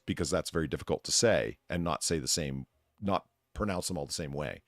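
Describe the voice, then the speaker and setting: A man's voice: rumbling low, fairly quick, no echo, studio quality. A man hosting a casual live chat show, talking in rambling, tangential asides and laughing often. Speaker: host and bartender of a live show.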